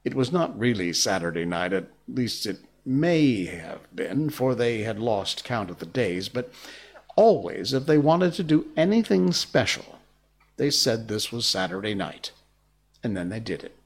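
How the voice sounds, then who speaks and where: A man reading a classic children's story aloud in a gentle, breathy voice. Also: lowish voice, very animated, measured pace. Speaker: narrator.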